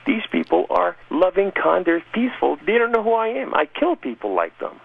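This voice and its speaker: Earnest man, gravelly testimony voice, phone-line radio audio. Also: high-pitched, very animated, moderate pace, dry recording. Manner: earnest storyteller, rising intensity. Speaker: guest telling his testimony. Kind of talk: emotional personal testimony.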